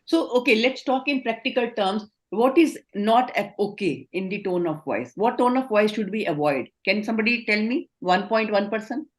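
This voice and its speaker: A woman's voice: medium pitch, lively intonation, normal speed, few pauses. A middle-aged woman with an Indian accent, leading an online training session, explaining and affirming answers. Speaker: communication trainer.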